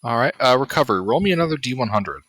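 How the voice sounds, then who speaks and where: A man narrating as game master of a tabletop game, deliberate and pausing as he describes finds. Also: medium pitch, lively intonation, fairly bright tone, no echo. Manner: slow, deliberate narration with pauses.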